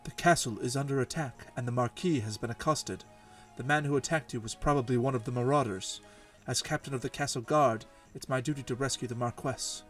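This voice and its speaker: A man voicing a stern castle guard captain, slow and grave. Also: medium pitch, distant mic, soft background music, close to an everyday voice.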